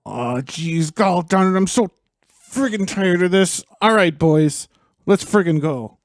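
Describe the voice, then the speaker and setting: A man's voice: expressive, measured pace, dry recording, studio quality. Man doing a blustery king. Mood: fed up. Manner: high, grumbling, folksy, blustery. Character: blustery, fed-up Minnesotan warrior king, man. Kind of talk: comic radio drama acting.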